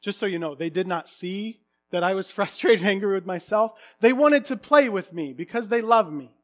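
A man in his thirties preaching a sermon, earnest, swinging from hushed confession to loud exclamations. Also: sits high, normal speed.

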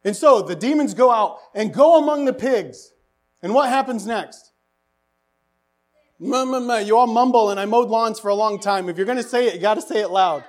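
A man preaching a sermon, animated and asking the congregation rhetorical questions, his voice rising to near-shouts for emphasis. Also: high voice, fairly quick. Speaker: pastor.

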